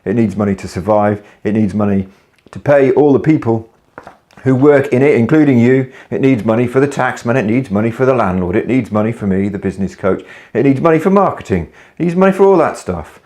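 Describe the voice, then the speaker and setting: A man's voice: medium pitch, animated, a little fast, mellow. A man, a business coach telling a story to camera in a casual, blunt way with some swearing. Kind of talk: casual video talk to camera.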